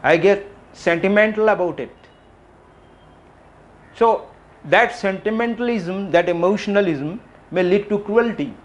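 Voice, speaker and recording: A middle-aged man giving a reflective public talk, asking questions and repeating phrases with frequent pauses. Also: high voice. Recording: faint background noise.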